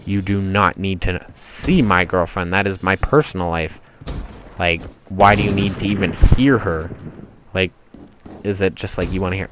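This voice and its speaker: A man's voice: low voice, unhurried, background noise. A man narrating his gameplay in a casual, profane, exasperated rant that rambles on.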